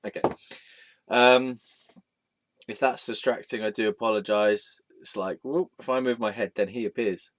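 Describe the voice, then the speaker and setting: A man's voice: lowish voice, fairly even intonation, moderate pace, long pauses. A man hosting his own vlog, rambling in a casual, joking way and chatting aloud to a picture as if it were a friend. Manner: playful, joking, talks aloud to an image of a deity. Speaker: vlog host.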